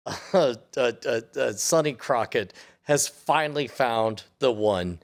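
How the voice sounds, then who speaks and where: A man's voice: medium pitch, takes it slowly. A man co-hosting a podcast, joking wryly about a TV episode in casual chat. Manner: wry, joking, chuckles between phrases. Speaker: podcast co-host.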